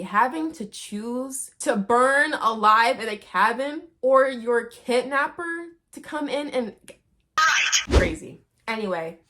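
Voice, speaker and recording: A woman's voice: on the high side, a bit bright. A woman recapping a movie in a casual, playful and slangy way, chatting to her viewers.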